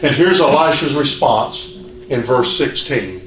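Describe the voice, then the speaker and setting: A man preaching a sermon in an earnest, measured way, asking the congregation questions. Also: medium pitch, lively intonation, a bit bright. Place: church hall. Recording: echoey hall, distant mic, faint hiss.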